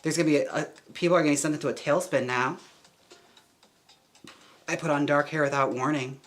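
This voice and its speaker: A man streaming live as a drag performer and wig stylist, trying on wigs and chatting in a campy way with quick laughing asides. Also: a little high, steady tone, fairly bright tone. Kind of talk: casual live-stream chat.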